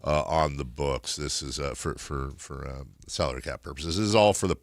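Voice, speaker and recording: A man's voice: very deep voice, lively intonation, moderate pace, vocal fry, dry recording, studio quality. A man hosting sports radio, chatting casually and rambling with lots of fillers. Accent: American. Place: radio studio. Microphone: studio microphone.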